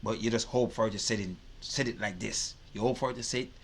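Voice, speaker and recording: A man's voice: lowish voice, quick pace, a little hiss or hum. A man giving casual reaction commentary, swearing freely and repeating his points. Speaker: reaction video host.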